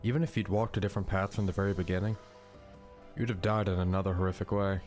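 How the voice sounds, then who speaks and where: A man voicing a sly male grim reaper, playful and menacing, in a smooth, teasing way over a visual novel. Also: deep voice, steady tone, quick pace, darkish tone, soft background music, close to an everyday voice. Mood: teasing menace.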